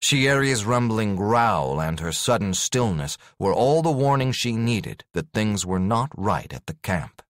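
A man narrating a fantasy audiobook in a scripted, expressive way, recorded on a studio microphone. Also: fairly low pitch, a little slow, hardly any pauses, dry recording.

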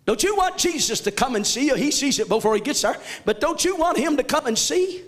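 A male pastor preaching a fervent sermon in a church, often shouting. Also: very high voice, expressive, fairly quick, hardly any pauses, long reverb tail. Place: church sanctuary.

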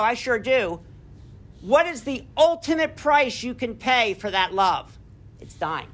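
Male teacher, lecture delivery, high and keen, keeps checking in with students. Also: fairly bright tone. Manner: enthusiastic, reads a text aloud and breaks off to comment; addresses students directly with frequent "right?". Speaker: English teacher. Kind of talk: classroom lecture.

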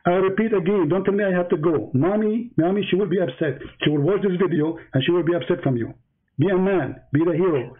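A man hosts a heated live debate, mocking and taunting his opponent in broken, non-native English. His voice sits high and moves fast, coming through a tinny, phone-like line.

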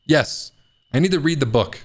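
A man's voice: a little high, expressive, normal speed. A man playing a horror game, joking and reacting with panicky outbursts in casual commentary. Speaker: gaming video host. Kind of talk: casual let's play commentary.

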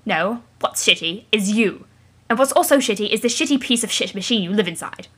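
A woman voicing a brash, rude young male alien kid in a comic read-aloud, loud and demanding. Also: medium pitch, animated, a little fast, slightly rough.

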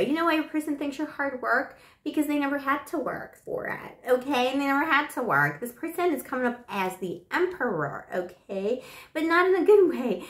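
A woman reading tarot in a casual, flirty, teasing way, full of pet names, with her voice still rough from the flu. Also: high-pitched, echoey room. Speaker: tarot reader.

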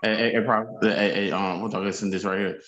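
A man preaching with halting, stammering restarts, and he reads scripture aloud. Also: fairly low pitch, steady tone, lo-fi sound, crowd noise. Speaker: prophet. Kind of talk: preaching on a prayer broadcast. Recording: echoey room.

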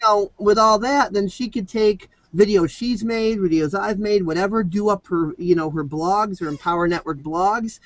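High-voiced man rambling on a video call. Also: normal speed, hardly any pauses, no echo, low-quality recording. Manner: rambling, talkative, full of fillers. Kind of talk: casual video-call chat.

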